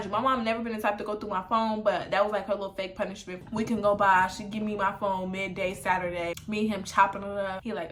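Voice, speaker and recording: A woman's voice: medium pitch, fairly quick, hardly any pauses, fairly bright tone, a little hiss or hum. A young woman chatting through a storytime while getting ready on camera, slangy and laughing along. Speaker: vlogger.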